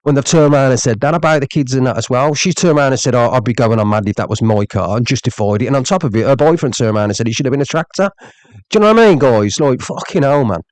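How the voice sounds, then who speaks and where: A man's voice: medium pitch, lively intonation, quick pace, darkish tone, no echo. A man on a live stream, ranting angrily with lots of swearing, repeating himself and reading out viewer comments. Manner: angry, profane, repeats "you know what I mean".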